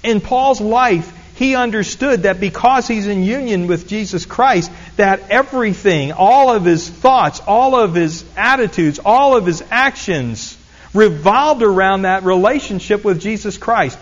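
Pastor, male, high voice, earnest repetitive preaching, slightly dull recording. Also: expressive, unhurried. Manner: earnest teaching, repeats phrases for emphasis. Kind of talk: sermon.

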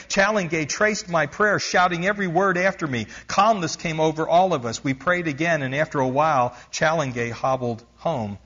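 A man preaching, retelling a missionary story with lively emphasis. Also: fairly high pitch, normal speed, few pauses, dull audio.

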